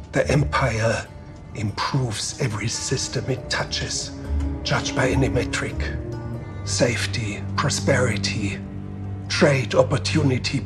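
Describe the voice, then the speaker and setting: Menacing imperial envoy played by a man, cold and measured, over a loud ominous score. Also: medium pitch, natural voice. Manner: slow, measured, quietly threatening. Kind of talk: television drama scene.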